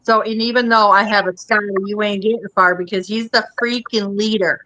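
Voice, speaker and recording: A woman's voice: medium pitch, steady tone, a little fast, pushed and bright, dull audio. A Midwestern woman with a Minnesota accent, hosting a casual chat show and rambling along with lots of fillers. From American Midwest. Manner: chatty, rambling, frequent fillers. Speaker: podcast host.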